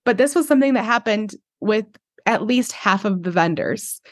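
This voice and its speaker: Woman, podcast host, relaxed friendly chat, mid-pitched voice, dry close sound. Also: moderate pace, no room sound. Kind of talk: casual interview chat.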